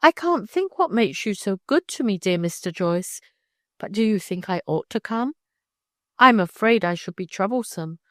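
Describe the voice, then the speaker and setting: A woman voicing a timid, wistful orphaned young girl who speaks softly and hesitantly. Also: medium pitch, expressive, moderate pace, dry recording, clean studio sound, close to an everyday voice. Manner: soft, hesitant, tearful.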